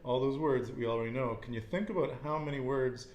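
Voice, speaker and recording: A man's voice: medium pitch, fast talker, a little mellow, reverberant. Encouraging man teaching Spanish. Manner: encouraging, repeats answers and praises them. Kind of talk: casual Spanish lesson.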